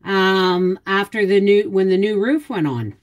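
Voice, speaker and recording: A middle-aged homestead vlogger rambles at a measured pace to herself and her viewers while digging through old photos in a casual vlog, breaking out in sudden loud, high exclamations.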